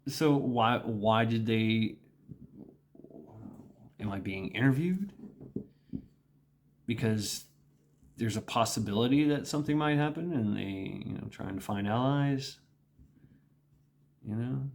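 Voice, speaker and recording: A man's voice: mid-range voice, slow, gravelly, long pauses. A middle-aged man talking through a casual monologue vlog, rambling and repeating himself, with small laughs. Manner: rambling, repetitive, with laughs and mimicked quotes. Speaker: vlogger.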